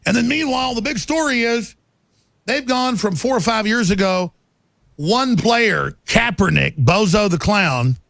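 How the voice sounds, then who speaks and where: Brief: indignant, sarcastic male pundit, high and gravelly, close and dry. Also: lively intonation, measured pace, fairly bright tone, no room sound.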